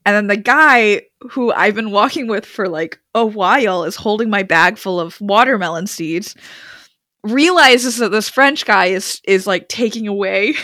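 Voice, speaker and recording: A young adult woman co-hosting a podcast, telling a funny travel story in an animated, rambling way with lots of "like" fillers. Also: mid-range voice, no room sound, clean studio sound. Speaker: podcast co-host. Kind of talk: comedic storytelling.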